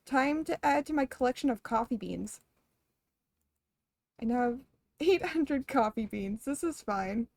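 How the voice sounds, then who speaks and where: Chatty high-voiced woman streamer. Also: lively intonation, a little slow, pauses often, a little mellow, no echo. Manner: rambling, laughs often, swears casually. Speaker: game streamer. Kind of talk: casual chat while gaming.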